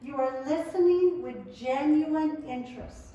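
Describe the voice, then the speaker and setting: A middle-aged woman presenting a family skills workshop, talking in a lively, conversational way to a live audience and acting out the quotes. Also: high-pitched, measured pace, dull audio. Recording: echoey room, mic far off.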